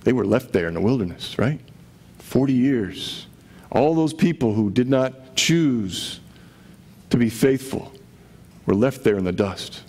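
A man's voice: medium pitch, lively intonation, unhurried, pauses often, a little mellow, breathy edge. A man preaching a sermon to his congregation in a conversational way, often asking rhetorical questions. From Connecticut. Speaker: pastor.

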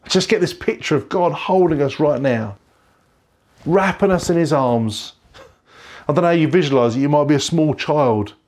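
A man's voice: on the high side, normal speed, a little mellow. A middle-aged man preaching an online sermon from a bedroom at home, earnest and repeating phrases for emphasis. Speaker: pastor.

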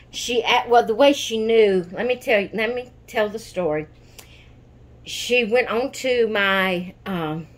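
A woman, chatting in a casual vlog about her dolls, emotional and rambling, often correcting herself. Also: mid-range voice. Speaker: doll collector vlogger.

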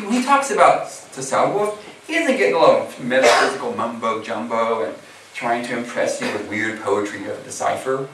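Recorded at a distance in a very echoey hall with slight background noise, this American Muslim preacher delivers his sermon in a relaxed, talkative manner, relying heavily on filler phrases. His medium-pitched voice has a somewhat bright quality.

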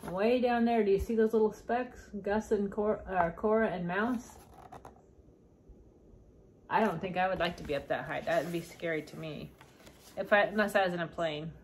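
A woman's voice: medium pitch, normal speed, slight background noise. A woman reading a children's picture book aloud, adding chatty asides about the pictures for young listeners. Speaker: storybook reader.

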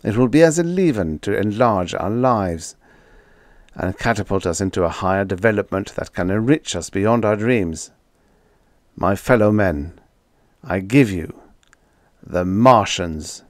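A man's voice: lowish voice, expressive, unhurried, no echo. A man reading an audiobook, voicing an earnest male speech-maker addressing an audience. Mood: solemn. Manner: oratorical, earnest. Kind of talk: audiobook character voice.

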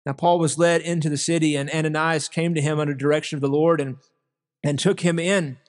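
A man's voice: a little high, steady tone, brisk, long reverb tail. A man preaching an earnest sermon to his congregation, calling them brothers and sisters. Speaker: pastor. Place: church sanctuary.

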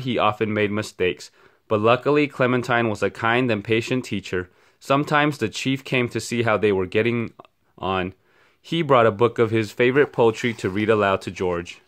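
A man reading a picture book aloud for children at a steady, expressive pace. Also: mid-range voice. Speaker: storyteller. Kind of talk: children's read-aloud storytime.

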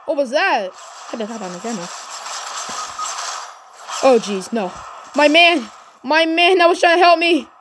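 A woman giving excited gameplay commentary, cheering and shouting encouragement at her teammate. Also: high-pitched, moderate pace, long pauses, a little hiss or hum. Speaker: gaming channel host.

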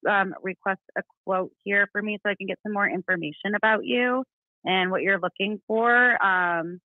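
A woman's voice: medium pitch, normal speed, dry recording. Polite woman on a phone line. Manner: polite, hesitant, many fillers. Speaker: receptionist.

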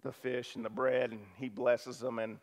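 A man preaching a sermon, telling the story with lively asides and acting out the disciples' lines, swinging from loud to hushed. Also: mid-range voice, normal speed. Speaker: pastor.

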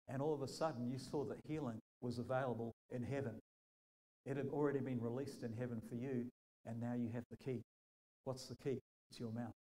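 A male pastor with a New Zealand accent preaching a sermon, telling stories and acting out quotes in a lively way. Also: medium pitch, poor audio.

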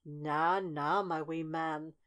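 A woman voicing a small, cheerful and wary male robin who talks in a chirpy, polite way and turns down offers quickly. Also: low voice, steady tone, fairly bright tone. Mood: cautious.

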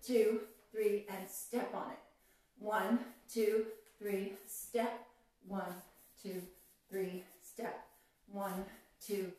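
A woman's voice: mid-range voice, darkish tone. A woman teaching a belly dance class, chatty and encouraging, counting steps aloud. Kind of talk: live online dance lesson. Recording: echoey room, voice from far off, faint music.

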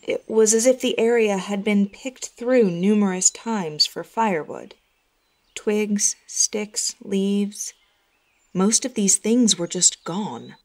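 Woman narrator for a horror podcast: measured, tense, mid-range pitch. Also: a little mellow. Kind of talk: scripted first-person horror narration.

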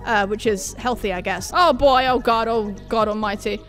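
A woman doing excitable, self-mocking let's-play commentary, swearing and yelping as she plays. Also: on the high side, normal speed, soft background music. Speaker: gaming YouTuber.

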